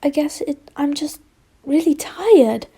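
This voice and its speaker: A woman voicing an anxious, tearful young man in a fanfiction reading, speaking in a soft, halting way. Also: high voice, animated, heavily acted.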